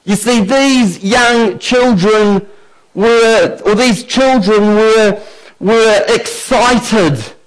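A male pastor preaching a sermon in an emphatic, deliberate way. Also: sits high, poor audio.

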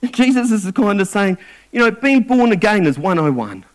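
A man's voice: high-pitched, very animated, normal speed. A man preaching a sermon in an earnest way, often stumbling and repeating words as he restarts.

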